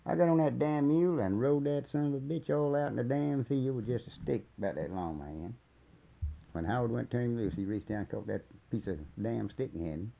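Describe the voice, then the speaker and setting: A man's voice: medium pitch, vocal fry. An older man telling a long, rambling story in a folksy, profane way, chuckling as he goes. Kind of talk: rambling oral-history storytelling. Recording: tinny phone-like lo-fi recording.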